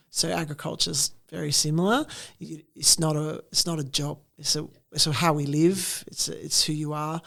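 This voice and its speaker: A woman in her forties with an Australian accent, telling stories in a casual interview, animated and full of acted-out quotes. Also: deep voice, gravelly. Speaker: interview guest, entrepreneur.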